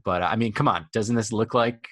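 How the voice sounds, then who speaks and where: A man's voice: lowish voice, moderate pace, fairly bright tone, dry recording, clean studio sound. A young man co-hosting a podcast, rambling and argumentative, with lots of filler words. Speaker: podcast co-host. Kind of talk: casual chat.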